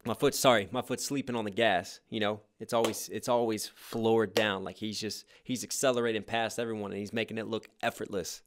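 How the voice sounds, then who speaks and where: A man's voice: fairly low pitch, steady tone, brisk, hardly any pauses, background noise. Man hyping and unpacking rap lyrics. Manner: explains lines one by one, bursts of hype. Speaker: rapper reacting to a song. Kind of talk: casual reaction and lyric breakdown. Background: hip hop track playing faintly.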